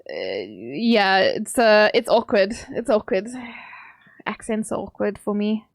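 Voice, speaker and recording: A woman with a gravelly, medium-pitched voice and a South African accent chats in an animated way but at a slow pace. She streams a game from home, rambling casually with plenty of laughs, and the recording is studio quality with no room sound.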